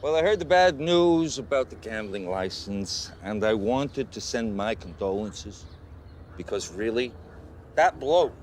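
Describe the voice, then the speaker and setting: A brash boastful New York tycoon. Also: male voice, on the low side, animated, a little slow, slight background noise. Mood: smug. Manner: bragging, bossy, interrupts constantly. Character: brash boastful rich male tycoon, middle-aged. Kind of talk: parody comedy film acting.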